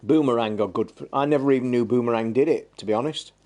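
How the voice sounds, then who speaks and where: A man's voice: mid-range voice, quick pace, a little mellow. A man hosting a gaming live stream, chatting in a rambling, blunt and sweary way. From England. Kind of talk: casual live-stream chat.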